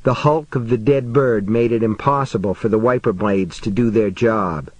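A man narrating a suspenseful audiobook in a measured, tense storytelling manner. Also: fairly low pitch, darkish tone, no echo, dull audio.

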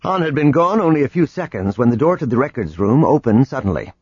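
A man narrating an audiobook in a dramatic, expressive reading. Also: mid-range voice, fast talker, breathy edge, no room sound. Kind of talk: scripted narration. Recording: dull lo-fi recording with music.

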